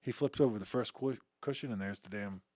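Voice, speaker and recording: A man's voice: on the low side, a little fast, breathy edge, no room sound, clean studio sound. A man who is the guest on an interview show, telling stories in casual conversation. He acts out quoted dialogue and restarts his sentences often. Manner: animated anecdote-telling, acting out quoted dialogue with frequent restarts. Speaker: interview guest, former uniformed security officer.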